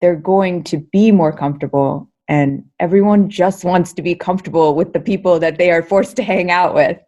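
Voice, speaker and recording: A young adult woman, a guest researcher and comedian, answering interview questions in an energetic, chatty way, full of fillers and repeated words. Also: fairly low pitch, moderate pace, highs cut off.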